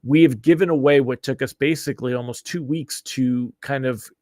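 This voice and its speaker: A man's voice: medium pitch, moderate pace, a little mellow, dry recording, clean studio sound. Upbeat man hosting a live rate show. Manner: upbeat, chatty, greets viewers by name. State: stuffy from allergies. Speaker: daily mortgage rate show host. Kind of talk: live-streamed market update.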